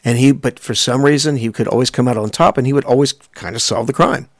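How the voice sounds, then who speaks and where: Man, 50s, podcast co-host, rambling with restarts, medium pitch. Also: quick pace, no echo, studio quality. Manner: rambling, with many fillers and restarts. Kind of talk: casual nostalgic chat.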